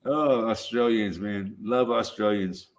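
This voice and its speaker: A man's voice: fairly low pitch, slow pace. A man in a laid-back casual chat, swearing freely and dropping "man" at the ends of lines.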